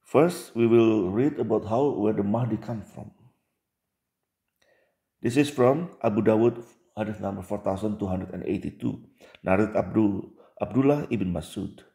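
A man reads religious texts aloud and picks them apart in a slow, deliberate delivery. His voice is low, dark and gravelly. He leans on rhetorical questions and repeats words for emphasis, recorded in an echoey room. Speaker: religious commentator. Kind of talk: reading and commenting on religious texts.

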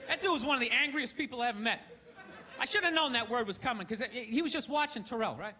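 A man doing a stand-up set in a theater, ranting loudly with sarcastic delivery. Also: very high voice, expressive, fast. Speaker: stand-up comedian. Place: theater stage. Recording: live show with crowd laughter and noise. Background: audience laughter.

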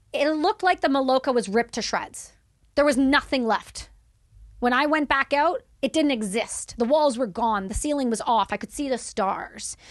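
Young woman, higher pitch, dry close mic; candid, animated storyteller who swears freely. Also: dry recording. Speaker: guest.

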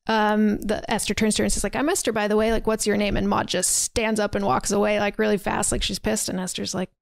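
A woman's voice: mid-range voice, gravelly, no echo. A woman hosting a podcast, casually retelling a film scene by scene with lots of fillers. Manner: chatty, retells scenes with quoted dialogue and fillers. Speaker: podcast host. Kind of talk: casual movie recap.

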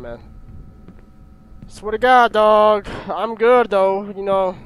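A man's voice: sits high, steady tone, takes it slowly, smooth. A young man nervously commentating a horror game, jumpy, often swearing and yelping. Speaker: gaming YouTuber.

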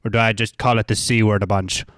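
A man's voice: lowish voice, little pitch movement, quick pace, a bit bright, no echo, studio quality. A man doing joking, profane gameplay commentary, rambling and goofy as he plays. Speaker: gaming YouTuber.

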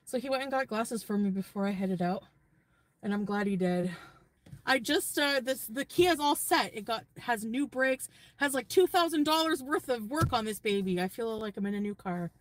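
A woman's voice: a little high, animated, moderate pace, no room sound. A woman vlogging casually from her parked car, rambling about her trip and her channel. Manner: rambling, chatty.

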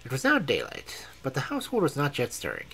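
Man doing calm stern male detective, precise, husky, animated delivery. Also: mid-range voice, fast, heavily acted, low-quality recording.

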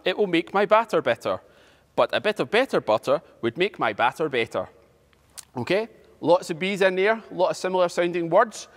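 A man teaching an online drama class, guiding warm-ups with energetic instructions and frequent checks of "okay?". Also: high-pitched, big-room sound.

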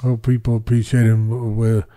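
A man's voice: medium pitch, little pitch movement, fairly quick, warm tone. Older man telling a rambling story. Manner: rambling, many fillers and restarts. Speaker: boxing trainer and podcast guest. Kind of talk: casual storytelling.

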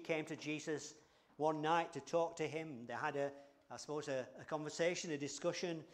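Older English man preaching a chatty sermon. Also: fairly high pitch. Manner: conversational, many fillers and restarts. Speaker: church leader and preacher.

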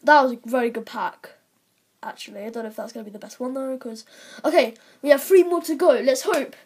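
A teenage girl giving chatty, excitable commentary while opening game card packs at her computer. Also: sits high, brisk, husky. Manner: excitable, chatty, exclaiming over results. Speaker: vlogger. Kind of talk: casual pack-opening commentary.

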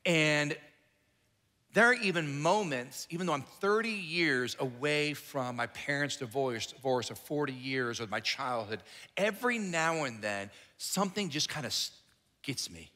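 A man's voice: on the high side, expressive, measured pace, pushed and bright. A middle-aged man preaching a sermon as a pastor, conversational and joking, acting out the Bible characters as he tells the story. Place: church sanctuary. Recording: echoey hall, long reverb.

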